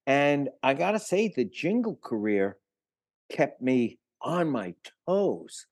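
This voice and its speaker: A man's voice: medium pitch, sing-song, slow, darkish tone, dry recording. An older man, a retired musician, telling long stories in a casual interview, with many fillers and restarts. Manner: rambling, filler-heavy anecdotes.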